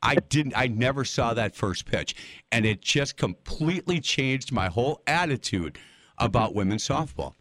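An older man hosting a casual interview, telling stories in a folksy, animated way. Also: medium pitch, moderate pace, dry recording. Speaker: interview host.

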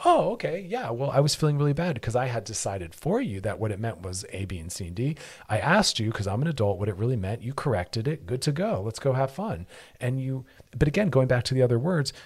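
A man's voice: medium pitch, a little mellow, slightly rough. A man hosting a radio advice show, explaining in an earnest way and often acting out short quoted exchanges. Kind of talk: casual advice talk on radio.

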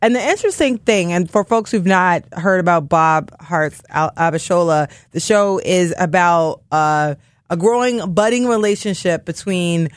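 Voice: mid-range voice, normal speed, dry recording. An interviewer asking questions in a casual chat, rambling a bit and restarting questions with lots of "like" and "um".

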